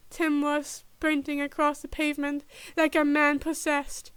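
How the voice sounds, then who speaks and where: A woman reading a fan-written story aloud in a measured, even way. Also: high voice, no room sound. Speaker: podfic reader.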